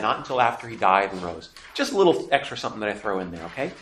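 A man's voice: medium pitch, sing-song, fast talker, few pauses, echoey room. A man teaching a Bible class, emphatic and conversational, asking questions and then answering them himself. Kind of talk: catechism lecture.

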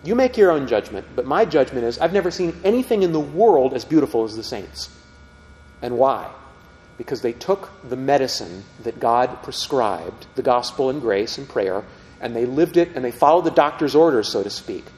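A man's voice: animated, moderate pace, darkish tone. A middle-aged man teaching a group about faith, speaking conversationally and often asking the audience questions. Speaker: Catholic teacher. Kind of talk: storytelling talk to a group. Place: meeting room with tables. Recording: reverberant hall, faint rumble.

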